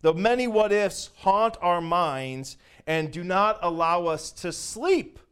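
A male pastor preaching a sermon, lively and swinging between loud declarations and hushed, soft asides, with frequent chuckles. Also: high voice, takes it slowly, clear, resonant tone.

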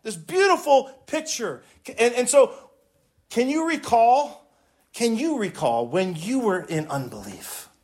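A man's voice: sits high, animated, takes it slowly, a little mellow. A man preaching a sermon, emphatic and impassioned, repeating words for stress and swelling when he quotes scripture. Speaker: pastor.

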